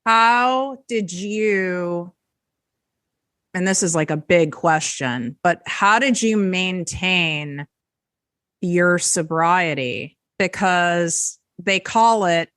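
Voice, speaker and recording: A woman hosting an interview show, asking measured, thoughtful questions. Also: fairly low pitch, fairly bright tone, smooth, dry recording, studio quality. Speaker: podcast host.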